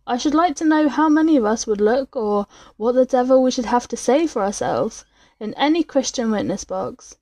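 A cynical young doctor who talks coolly and sneers as he bends a younger man to his will, voiced by a woman reading a storybook aloud. The tone is warm and mellow but the attitude is cold, and the voice sits close and dry with no room around it. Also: fairly high pitch, lively intonation, moderate pace, dry recording. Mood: coolly persuasive. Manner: cool, sneering.

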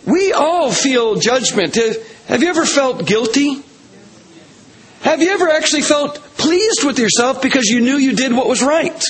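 A man's voice: very high voice, a bit bright, rough recording. A man preaching a sermon to a congregation, earnest and emphatic, stacking repeated phrases to build his points. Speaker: pastor. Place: church hall with a congregation.

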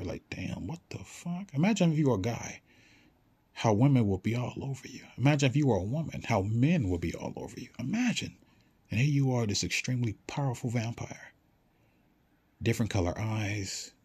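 Husky man in a casual motivational rant. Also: medium pitch. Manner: animated, swears casually, acts out quick dialogues.

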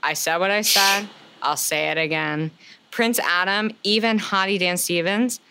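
A woman's voice: mid-range voice, unhurried, noisy background. A woman co-hosting a podcast, recapping a movie in casual chat, swearing often and talking bluntly. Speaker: podcast co-host.

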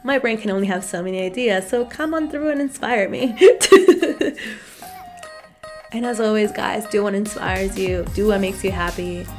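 A woman's voice: medium pitch, moderate pace, a little mellow, soft background music. Profane, laughing young woman podcaster. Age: 20s. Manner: candid and profane, laughing often. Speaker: podcast host. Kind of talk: casual solo podcast monologue.

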